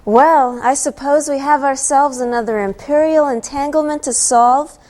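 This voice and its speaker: A woman's voice: sits high, fairly even intonation, normal speed, a little mellow, slight background noise, natural voice. A woman playing a brassy horror hostess. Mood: sassy. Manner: folksy, sassy, exclaiming. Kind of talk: campy comedy sketch acting.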